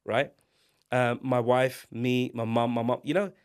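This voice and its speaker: A man, co-hosting a casual podcast, emphatic and animated, climbing to loud exclamations. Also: medium pitch, unhurried, clean tone, no echo, clean studio sound. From England. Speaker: podcast co-host.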